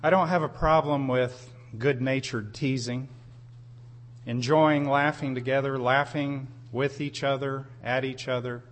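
A man's voice: mid-range voice, fairly even intonation, measured pace. A man preaching a sermon, telling a personal story in an earnest way, with emphatic rises on key phrases. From United States.

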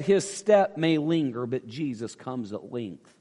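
A male pastor preaching a sermon, swinging between loud emphatic declarations and soft, intimate pleading. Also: medium pitch, big pitch swings, unhurried, few pauses, husky. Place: church sanctuary. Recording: long reverb of a large hall.

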